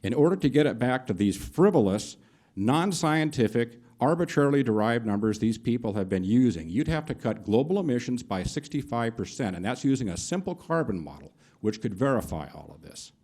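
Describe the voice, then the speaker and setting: A man's voice: medium pitch, sing-song, fairly quick, darkish tone. A middle-aged man giving indignant, emphatic public testimony in a county board meeting room. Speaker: public commenter.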